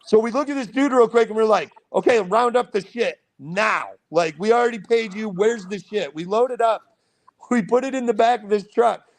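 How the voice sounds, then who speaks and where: Young man, podcast guest. Gravelly, fairly high voice, loose profane storytelling. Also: moderate pace. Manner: profane, rambling anecdote telling. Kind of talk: casual storytelling.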